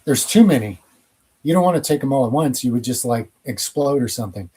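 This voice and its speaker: A man talks through viewer questions on his own channel in a loose, rambling way. He is blunt and opinionated, and his voice has a soft, mellow warmth in a middling register. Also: mid-range voice, lively intonation, a little fast, husky. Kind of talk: casual Q&A monologue.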